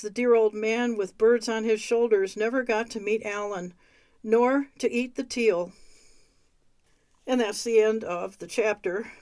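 A woman reading a memoir aloud, unhurried and clear. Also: on the high side, darkish tone, no room sound. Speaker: reader of memoirs.

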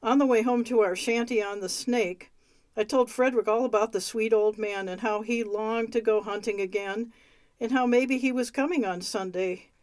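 A woman reading a memoir aloud, unhurried and clear. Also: a little high, fairly even intonation, darkish tone, no room sound. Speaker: reader of memoirs.

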